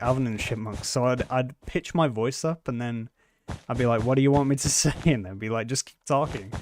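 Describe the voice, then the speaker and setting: A man's voice: mid-range voice, a little hiss or hum. Rambling, quirky-voiced male streamer. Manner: rambling, trails off and restarts often; talks with many quirks, by his own account. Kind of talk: casual live-stream chat.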